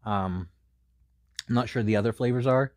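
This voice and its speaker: A man casually reviews a snack, rambling with many fillers and sounding a little out of breath. His voice is mid-range and he talks at a normal speed.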